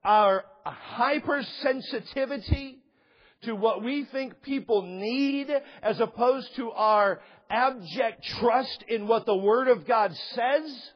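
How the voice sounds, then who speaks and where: A man's voice: very high voice, takes it slowly, breathy edge. A man preaching a sermon as a pastor, impassioned and emphatic, repeating phrases for effect, on a slightly dull recording.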